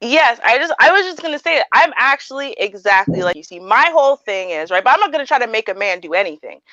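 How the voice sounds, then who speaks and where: A woman co-hosting a podcast, talking emphatically and quickly in casual chat, her voice rising when she presses a point. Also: a little high, big pitch swings, no room sound, muffled recording. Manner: emphatic, fast, rising to near shouts. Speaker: co-host.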